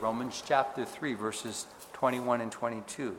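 A man preaching a sermon with emphatic rises and hushed drops. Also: mid-range voice, lively intonation, slow pace, long pauses, slight background noise. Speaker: pastor. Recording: hall reverb.

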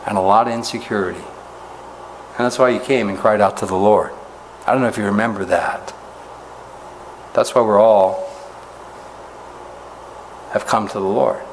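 A man pastor preaching an expository sermon, talking conversationally with the congregation, often asking rhetorical questions and rising in pitch to stress a point. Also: measured pace, long pauses, a little hiss or hum, poor audio. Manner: animated rises in pitch when making a point.

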